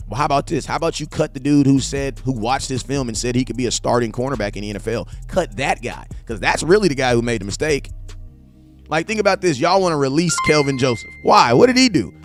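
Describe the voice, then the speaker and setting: A young man hosting a sports fan live stream, talking casually and bluntly in slang, answering chat, often building to impassioned near-shouting. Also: medium pitch. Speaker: sports fan show host.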